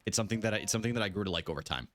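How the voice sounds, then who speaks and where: A man's voice: lowish voice, animated, racing, a little hiss or hum. A young man live-streaming a game, chatting casually with viewers and laughing often.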